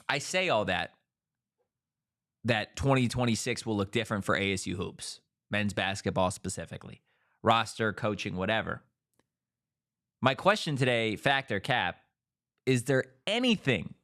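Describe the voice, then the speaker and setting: A man hosting a casual sports talk show, firing off rhetorical questions in an animated way. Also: mid-range voice, unhurried.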